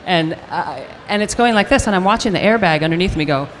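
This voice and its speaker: An older actress telling an animated story in a live stage interview, acting out the voices of the people she quotes. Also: lowish voice, quick pace, slight background noise. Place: convention stage with audience hall ambience.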